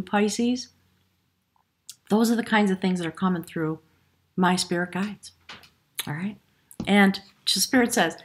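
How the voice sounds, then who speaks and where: A woman giving a spiritual tarot reading to camera, effusive and emotional, often dropping her voice to a hushed whisper. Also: medium pitch. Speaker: tarot reader.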